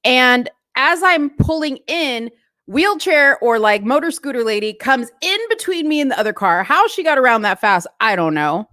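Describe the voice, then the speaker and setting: A woman vlogger telling a story in a casual, animated rant full of asides. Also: sits high, moderate pace, dry recording, studio quality. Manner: chatty, animated retelling with asides.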